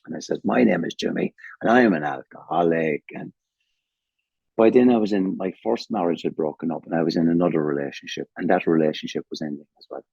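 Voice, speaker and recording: A man's voice: low voice, brisk, creaky, a little mellow, husky, no room sound, muffled recording. An older man with an Irish accent gives a candid, emotional personal testimony at a recovery meeting, swearing freely, over a video call. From Ireland.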